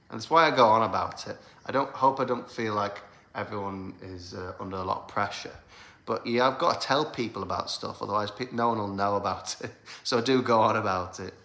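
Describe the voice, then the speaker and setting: A British band leader hosts a casual livestream for his fans, chatting and rambling with plenty of fillers and laughs. His voice is on the low side, bright and forceful. The room sounds roomy and echoey.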